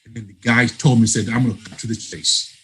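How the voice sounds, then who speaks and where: Animated male storyteller from Africa. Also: mid-range voice, fairly quick, slight background noise, low-quality recording. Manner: animated storyteller, laughs often, acts out dialogue. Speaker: guest. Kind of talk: storytelling interview. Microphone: remote call.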